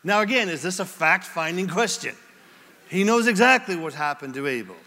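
A man preaching a sermon as pastor, with an animated, dramatic delivery and many questions put to the congregation. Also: high-pitched, moderate pace, in a large hall. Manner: asks the congregation rhetorical questions.

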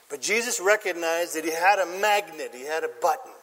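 A man's voice: fairly high pitch, animated, a little fast, few pauses, a bit bright, in a large hall. A man preaching a sermon as pastor, emphatic and quizzing his congregation with questions. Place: church.

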